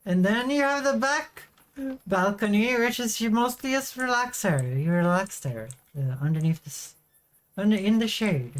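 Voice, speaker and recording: A woman's voice: medium pitch, expressive, normal speed. A woman streaming a video game, chatting casually to her viewers with offhand swearing. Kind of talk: casual gameplay commentary.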